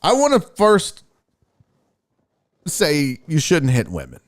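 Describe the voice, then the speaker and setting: Animated, profane sports host. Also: male voice, a little high, takes it slowly. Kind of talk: casual video breakdown commentary.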